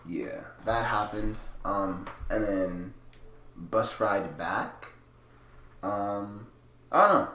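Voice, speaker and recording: A young man co-hosting a casual podcast, telling stories in a rambling way, full of "like" and quick laughs. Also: lowish voice, bright, forceful tone. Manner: rambling storytelling, heavy "like" filler, laughs often. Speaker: podcast co-host. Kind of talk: casual chat. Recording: echoey room with faint ambience.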